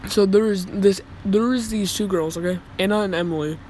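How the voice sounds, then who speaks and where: A man's voice: high voice, fairly quick, a little mellow, slight background noise. A young man telling a casual story, rambling and swearing, with many restarts. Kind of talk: casual story time vlog.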